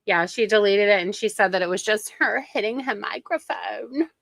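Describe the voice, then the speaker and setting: Gravelly-voiced snarky woman streamer. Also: medium pitch, normal speed, fairly bright tone, no room sound. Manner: snarky, gossipy, mocking. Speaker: reaction streamer. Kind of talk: casual gossip commentary.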